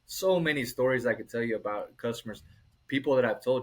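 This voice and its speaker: A man's voice: mid-range voice, fairly quick, low-quality recording. A middle-aged man, a restaurant owner, telling stories in a casual interview and acting out the people he quotes. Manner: animated, acts out quoted people.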